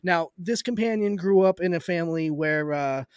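A higher-voiced man tells a story with animated, joking energy. The sound is dry and close. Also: moderate pace, dry recording. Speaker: guest. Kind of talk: casual storytelling chat.

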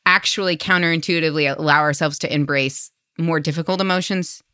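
Podcast host, woman, 30s, lowish bright voice, expressive storyteller, dry close mic. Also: a little fast, no room sound. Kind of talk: casual conversation.

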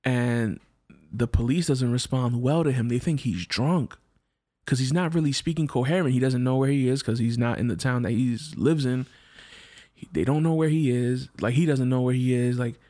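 Slangy, animated male storyteller. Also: medium pitch, normal speed. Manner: slangy, animated, acts out quoted voices; frequent restarts and repeated words. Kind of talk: casual personal storytelling.

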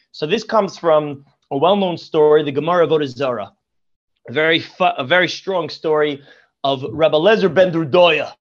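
This rabbi, a podcast guest, uses stories to teach Torah and lavishes praise again and again. His man's voice is a little high, and the audio is dull.

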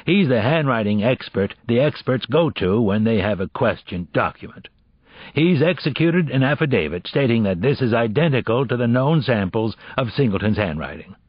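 A man's voice: medium pitch, expressive, moderate pace, husky, dry recording, pitched above the performer's own voice. A man voicing a sardonic, brilliant middle-aged male criminalist who lectures in a dry, impatient way, in an audiobook. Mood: wry. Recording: dull, dry audiobook recording.

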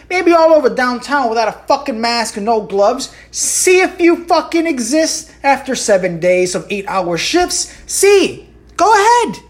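Profane ranting podcast host woman. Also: on the high side. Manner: rhetorical asides. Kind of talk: solo podcast rant.

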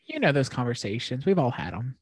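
Female co-host, deep-voiced, deadpan quips, dry close recording. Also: brisk, slightly rough, no echo. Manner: wry, joking interjections. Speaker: podcast co-host. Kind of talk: casual chat.

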